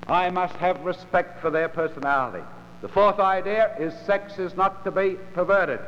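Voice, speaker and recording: Man preaching, emphatic measured sermon, fairly high voice, dull lo-fi sound, long hall echo. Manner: emphatic, measured delivery with dramatic pauses. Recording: lo-fi recording in a large reverberant hall.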